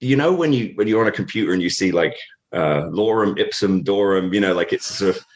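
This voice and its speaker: A British man with a very low, deep voice tells a long story as a guest on an interview show. He talks in a loose, rambling way, circling back with fillers and restarts. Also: lively intonation, fairly quick. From Britain.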